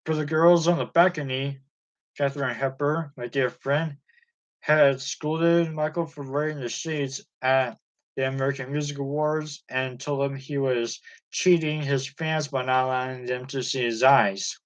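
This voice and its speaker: A man reading a music biography aloud chapter by chapter, in a steady and even manner. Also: medium pitch, unhurried, low-quality recording. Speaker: audiobook reader.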